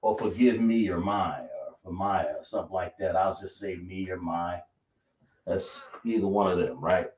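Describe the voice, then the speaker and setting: A man teaching a class live, explaining slowly and repeating himself as he checks that everyone follows. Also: sits low, a little mellow. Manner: slow, repetitive explaining, checking the class often. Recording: echoey room, dull lo-fi sound.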